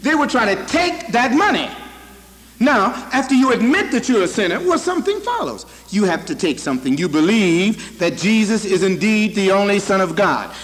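High-voiced man preaching in a hall. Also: big pitch swings, normal speed, fairly bright tone, faint music behind. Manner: emphatic, repetitive, addresses the congregation directly. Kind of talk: sermon. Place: church hall with congregation.

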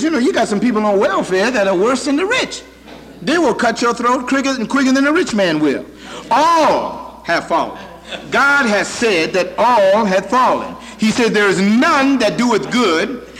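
A man with a high voice preaches to his congregation, hammering his points home through repetition. The sermon echoes with a long reverb through a large church hall. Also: big pitch swings, unhurried, fairly bright tone. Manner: emphatic, repetitive, addresses the congregation directly.

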